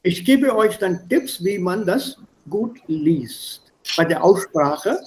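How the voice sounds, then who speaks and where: A man's voice: high voice, animated, slow, a little mellow, rough recording. A man teaching an online class over a video call, repeating and spelling words and coaxing his students to speak. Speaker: language teacher.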